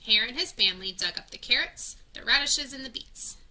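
A woman's voice: on the high side, expressive, a little fast, background noise. A woman reading a children's picture book aloud, stopping to add friendly teaching asides. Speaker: children's story reader.

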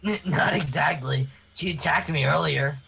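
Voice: medium pitch, moderate pace, creaky, pushed and bright, breathy edge, faint music behind, rough recording. A player teasing and giggling while playing a game with friends. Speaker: let's play player. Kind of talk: casual gaming banter.

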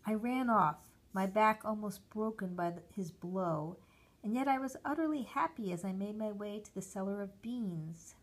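Reading a short story aloud, a woman with a mid-range voice and lively intonation goes slowly and deliberately, voicing each character's lines distinctly.

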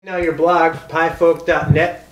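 Man hosting, high voice, echoey room, loud music. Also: little pitch movement, measured pace. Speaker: host. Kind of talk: casual interview.

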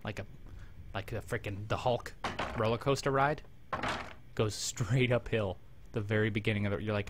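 A man casually commenting on his video game as he plays, rambling and joking, talking to his companion and breaking into sudden excited yelps. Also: on the low side, normal speed, pauses often, a little hiss or hum. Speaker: gameplay commentator. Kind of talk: casual let's-play commentary.

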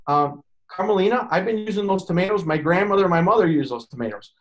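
A man's voice: high voice, fast. A man, a pizza chef and consultant, telling stories in a casual interview and acting out the voices of people he quotes. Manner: animated, acts out quoted voices.

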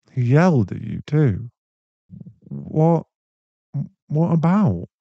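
A young man in a whispered role-play, voicing a caring, protective boyfriend who speaks softly and reassuringly, with a gravelly voice. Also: a little high, no room sound, dull audio, exaggerated voice. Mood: upset. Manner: soft, reassuring, slow-spoken. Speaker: ASMR voice actor.

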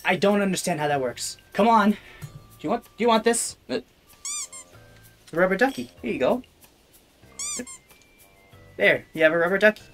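Woman vtuber yelling at a vr game, bossy n fed up, mid-pitch voice, close desk mic. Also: expressive, moderate pace, pauses often, faint music behind. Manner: bossy, exasperated, scolding. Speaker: VTuber streamer. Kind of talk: casual VR gameplay commentary. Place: home room, playing standing in VR. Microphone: desk microphone close by.

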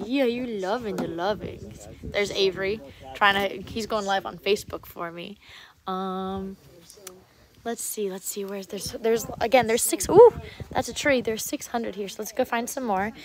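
A woman livestreaming a casual walkthrough outdoors on a handheld phone, gushing and cooing sweetly at cats. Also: mid-range voice. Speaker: livestreaming vlogger. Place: outdoor animal sanctuary.

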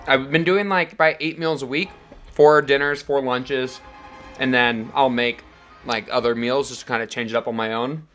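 A man's voice: mid-range voice, normal speed, soft background music. A man hosting his own vlog, chatting casually between bites, rambling with lots of "like". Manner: relaxed, rambling with frequent "like". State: talking while eating. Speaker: vlog host. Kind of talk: casual chat.

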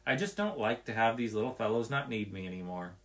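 A man's voice: lowish voice, expressive, fast talker, fairly bright tone. A man voicing an earnest young boy who coaxes and pleads with his pet animals in a storybook reading. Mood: wistful.

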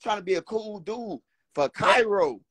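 A man's voice: sits high, expressive, a little slow, a bit bright, no room sound, studio quality. A man with a Chicago accent hosting a heated livestream argument, talking brash trash and repeating himself. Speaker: host.

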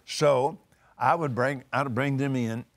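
An older man, teaching on a talk show, emphatic and animated, repeating words for force. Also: mid-range voice, slow. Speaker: preacher. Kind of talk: conversational teaching.

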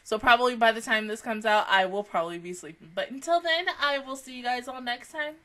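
A young woman giving casual, profane anime reaction commentary, animated and rambling, tired from little sleep. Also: fairly high pitch, a little fast.

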